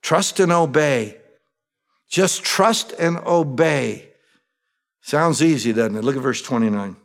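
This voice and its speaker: A man preaching a sermon, reading and explaining scripture in a conversational way that swings from emphatic to hushed. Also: medium pitch, takes it slowly, creaky. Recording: long reverb of a large hall.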